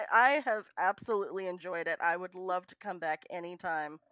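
A woman guest on a podcast, chatting in an animated way with lots of fillers. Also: lowish voice, normal speed, dry recording. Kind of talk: casual podcast chat.

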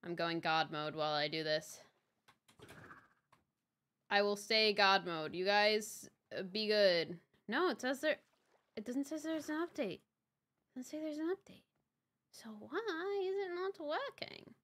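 With a medium pitch, a fairly bright tone, a measured pace and frequent pauses, a young woman livestreams her gameplay and chats casually. She exclaims, repeats herself, swears when things break and calls out chatters by name.

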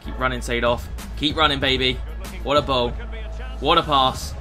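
A man giving live gameplay commentary. He swings from low muttering to excited shouting and swears often. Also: normal speed. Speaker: gaming YouTuber. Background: music.

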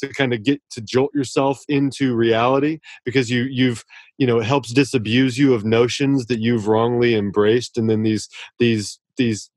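A man's voice: medium pitch, little pitch movement, normal speed, darkish tone, no room sound. Earnest man on a dry podcast mic. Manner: earnest, effusive, with frequent restarts. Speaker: author guest. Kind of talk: casual podcast interview.

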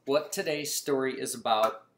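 A man's voice: mid-range voice, normal speed, noisy background. A man casually telling a funny personal story as host of a mechanics channel, with many fillers and restarts. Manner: animated when quoting himself.

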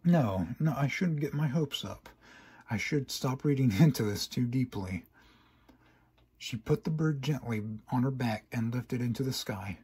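A man's voice: mid-range voice, lively intonation, a little slow, darkish tone, breathy edge. A man reading a first-person fan story aloud in an earnest, dramatic way. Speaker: story reader.

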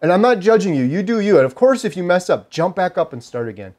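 A man's voice: sits high, sing-song, fast, a little mellow. A man in his forties talking casually to camera in an earnest, preachy, motivational way, often repeating phrases for emphasis. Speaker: lifestyle vlogger.

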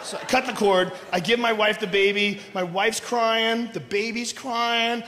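Middle-aged guy doing stand-up, yelling crude punchlines, high-pitched voice, big echoey hall with crowd noise. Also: steady tone, unhurried. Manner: loud, profane, shouting punchlines. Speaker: stand-up comedian. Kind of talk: stand-up comedy routine. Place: large theater stage before a live audience.

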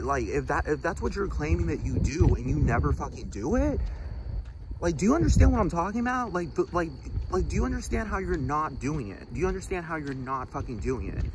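A man in an angry, profane rant, rambling and restarting his sentences as he records outdoors. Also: medium pitch. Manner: ranting, heavy swearing, rambling restarts. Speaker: vlogger. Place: outdoors by a road with traffic. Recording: noisy outdoor traffic recording. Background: passing vehicles.

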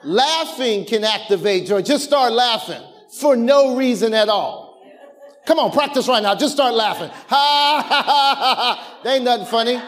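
A man preaching a sermon as pastor, animated, with call-and-response, laughter and shouted lines, in informal speech full of restarts and repetitions. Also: extremely high pitch, normal speed.

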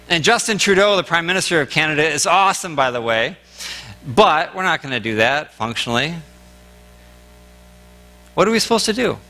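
A man preaching a sermon as pastor, conversational and animated, with quick asides and restarts. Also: on the high side. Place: church sanctuary. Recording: long church hall reverb.

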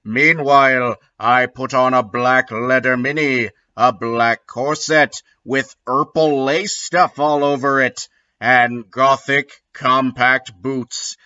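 A sardonic man reads a bad story aloud, slowly and deadpan, and stops for dry asides. His tone is sharp and forceful. The recording is muffled and lo-fi. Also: mid-range voice. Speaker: comedic reader. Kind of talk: comedic dramatic reading with asides.

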